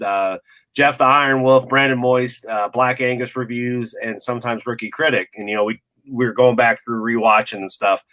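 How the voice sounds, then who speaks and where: A man with a bright, forward voice and middling pitch, telling loose, rambling stories. He wanders through fillers and restarts in an easy, casual way. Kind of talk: casual chat.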